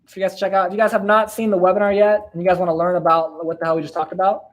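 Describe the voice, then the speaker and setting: A man's voice: high voice, level tone, very fast. Laid-back young man hosting a live Q&A. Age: 20s. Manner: laid-back, slangy, lots of fillers and laughs. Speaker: host answering viewer questions. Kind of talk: casual live-stream Q&A.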